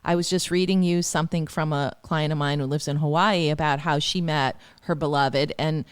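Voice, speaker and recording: Woman guest on a podcast, lowish smooth voice, chatty, acts out her clients' lines. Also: steady tone, moderate pace. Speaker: astrologer guest. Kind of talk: podcast interview, advice talk.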